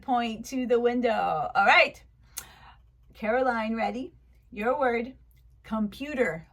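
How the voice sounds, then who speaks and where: High, bubbly woman teacher. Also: slow pace, long pauses, fairly bright tone. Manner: upbeat, encouraging, exaggerated praise; chatty and candid when talking to her viewers. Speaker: teacher applying as online tutor. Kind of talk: mock lesson for young children.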